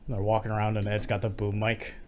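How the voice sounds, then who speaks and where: A man's voice: fairly low pitch, completely flat delivery, fast, a little mellow, slight background noise. A man co-hosting a podcast, retelling scenes in a wry, joking, casual way. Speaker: podcast co-host. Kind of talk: casual chat.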